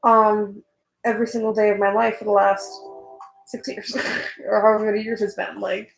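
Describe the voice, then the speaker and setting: A woman's voice: mid-range voice, flat delivery, moderate pace, creaky, echoey room, faint music behind, low-quality recording. A young woman chatting casually while she works on a drawing, rambling and swearing, getting worked up at times. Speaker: artist vlogger.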